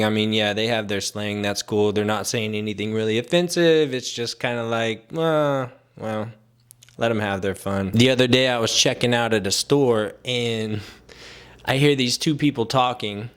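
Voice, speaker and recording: A man's voice: medium pitch, moderate pace. A young man ranting casually to camera, exasperated and sarcastic, with filler-heavy talk. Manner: exasperated, sarcastic, mimics people he quotes. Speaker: vlogger.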